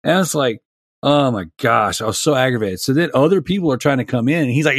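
A man's voice: mid-range voice, fast talker, dry recording, studio quality. Rambling, exasperated man on a podcast. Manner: rambling, exasperated storytelling with many restarts. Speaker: podcast panelist. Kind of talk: casual chat.

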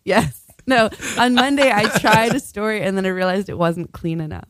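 A woman's voice: mid-range voice, lively intonation, normal speed, dry recording. Tipsy, giggly woman telling a tale. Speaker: storyteller. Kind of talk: casual storytelling chat.

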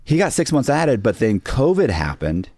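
A man's voice: medium pitch, sing-song, normal speed, darkish tone, dry recording. A middle-aged man, a podcast guest, telling a story casually with restarts and acted-out quotes of other people. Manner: rambling, restarts, acts out quoted dialogue.

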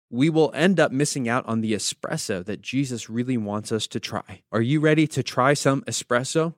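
A man's voice: medium pitch, no room sound, studio quality. A man hosting a devotional podcast, teaching with storytelling and wry asides. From United States. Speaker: podcast host.

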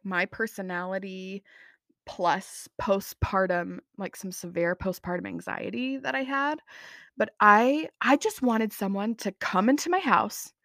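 A woman's voice: medium pitch, a bit bright, no room sound, clean studio sound. A young adult woman hosting her podcast in a casual, rambling, self-mocking chat. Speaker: podcast host.

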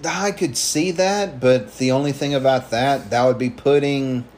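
A man co-hosting a casual podcast, rambling and swearing freely as he pitches ideas. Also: a little mellow, slight background noise. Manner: profane, rambling, acts out promos in quick voices. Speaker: podcast co-host.

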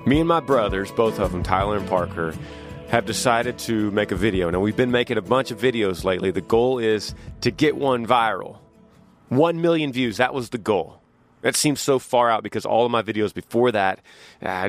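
A man's voice: medium pitch, no room sound. A man from Texas, hosting a podcast and telling stories casually in a rambling, folksy way with frequent restarts. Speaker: podcast host. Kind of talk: casual storytelling.

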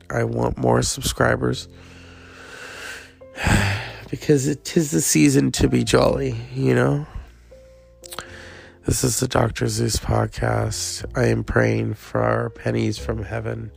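Slow, gravelly man hosting a solo podcast. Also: mid-range voice, steady tone, faint music behind. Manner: rambling, jokey, self-mocking. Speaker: podcast host. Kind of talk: casual solo podcast monologue.

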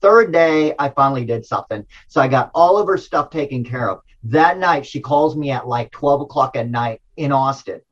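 A middle-aged man recounts a personal experience in loose, excitable bursts, backtracking and apologizing as he goes. His voice sits at an ordinary male pitch. The recording is a bit dull and lo-fi. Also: moderate pace, hardly any pauses. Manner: rambling and excitable, with many restarts and apologies. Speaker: storyteller sharing a personal spiritual experience. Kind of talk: casual personal storytelling.

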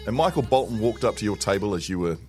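A man's voice: lowish voice, expressive, quick pace, a little mellow, faint music behind. A New man co-hosting a morning radio show, telling stories and laughing through them. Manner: storytelling, laughs through his words. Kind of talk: casual morning radio banter.

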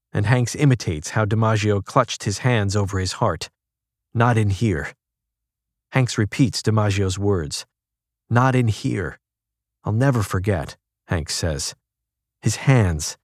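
A man reading a magazine profile as scripted narration. His reading is measured, and he drops softer and lower for quoted speech. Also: no room sound, studio quality. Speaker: article narrator.

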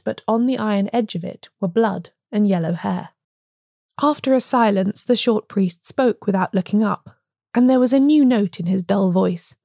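A woman narrating a story in a steady, even reading style. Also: medium pitch, gravelly, dry recording, studio quality. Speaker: audiobook narrator. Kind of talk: scripted narration.

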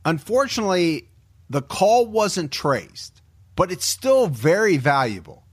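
A man hosting a podcast, giving a measured, grave, scripted true-crime narration into a close studio mic. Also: sits high, very animated, husky, no room sound. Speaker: podcast host.

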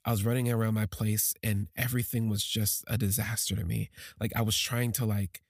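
A man telling a personal story on a podcast, halting and emotional, with many restarts. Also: on the low side, level tone, vocal fry, no echo, clean studio sound.

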